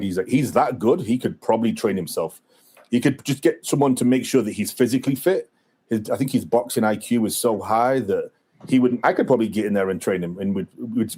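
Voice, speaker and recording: Male podcast co-host, low voice, loose rambling boxing talk, lots of "like" and "you know". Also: dark tone. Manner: rambling, many fillers and restarts. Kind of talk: casual boxing chat.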